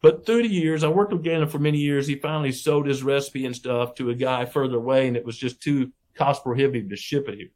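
Middle-aged man, folksy interview guest, animated storyteller who acts out the people he quotes. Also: mid-range voice, fast, hardly any pauses. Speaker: podcast guest, wildlife researcher.

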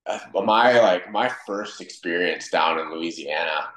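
A man's voice: deep voice, unhurried. A man from Wisconsin, a podcast guest, telling casual stories and acting out the quoted dialogue. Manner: animated, acts out quoted dialogue. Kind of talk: casual storytelling in conversation. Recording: roomy echo.

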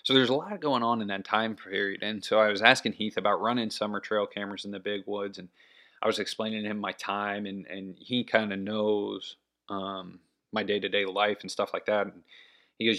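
A man's voice: fairly low pitch, fairly even intonation, normal speed, pushed and bright. A man talking casually on his own about scouting deer, rambling with many fillers and restarts. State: has the hiccups. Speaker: hunting podcast host. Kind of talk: casual solo talk.

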